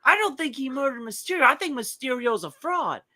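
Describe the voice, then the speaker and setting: A man putting on the voice of a blustering sports-radio host who rants and shouts in indignation. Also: very high-pitched, big pitch swings, fairly quick, voice pushed up, exaggerated voice. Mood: ranting.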